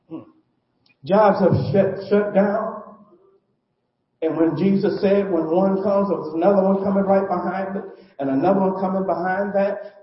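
A man preaching a sermon and closing prayer in church, with emphatic call-and-response and repeated phrases. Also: high voice. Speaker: guest preacher. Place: church sanctuary. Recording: echoey church, muffled sound.

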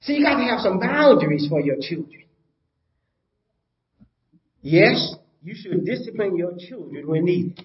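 An older pastor preaches a sermon with emphasis, repeating his points and putting rhetorical questions to the congregation. His high-pitched voice is very animated, a little slow and full of pauses, heard in a reverberant space with the highs cut off.

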